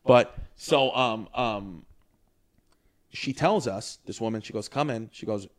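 A comedian from Brooklyn with a New York accent, telling a crude story in casual chat, animated and profane, acting out the people he quotes. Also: on the low side, measured pace. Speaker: comedian guest.

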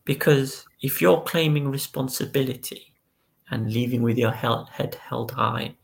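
A man's voice: mid-range voice, measured pace, vocal fry. A man co-hosting a casual football podcast, recounting the news step by step and reading out statements. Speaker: podcast co-host.

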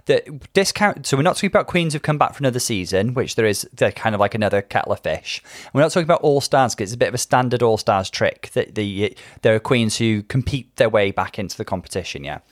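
A man's voice: on the low side, animated, fast, no echo, clean studio sound. A man hosting a podcast in casual chat, recounting past events at length in a chatty, gossipy way. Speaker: podcast host.

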